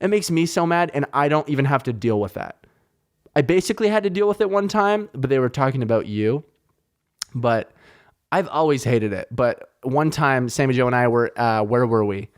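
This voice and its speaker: A young man in casual podcast chat, swearing freely as he retells things that riled him up. His voice sits at an ordinary middle pitch, and his talk stays lively and loose. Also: moderate pace, clear, resonant tone. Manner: animated, profane, heated retelling of anecdotes. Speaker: podcast host.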